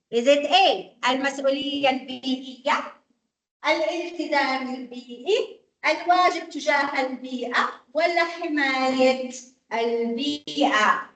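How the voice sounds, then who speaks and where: High-voiced woman teaching translation, echoey room. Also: fairly bright tone. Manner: switches between English and Arabic, checks in with "okay?". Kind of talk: classroom lecture. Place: classroom.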